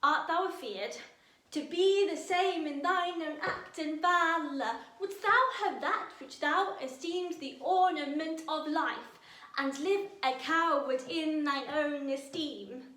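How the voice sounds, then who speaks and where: A woman reciting old verse as a scornful noblewoman goading her husband, slow, loud and high. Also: heavily acted. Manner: declaiming verse slowly and loudly. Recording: roomy echo.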